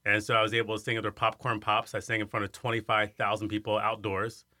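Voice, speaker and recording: Fifties male guest from Iowa, lowish voice with a bright edge, animated storyteller; dry sound. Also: fast, no room sound. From Iowa, USA. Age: 50s. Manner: animated storyteller who acts out quoted voices. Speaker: guest, singer and arts center director. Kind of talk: storytelling in an interview.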